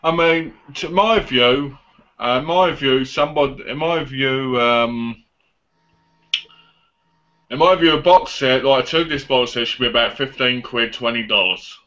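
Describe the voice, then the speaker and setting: Bright-voiced man in casual chat. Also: mid-range voice, unhurried, muffled recording. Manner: blunt, swearing, stuttering restarts. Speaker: co-host. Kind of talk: casual live chat about films.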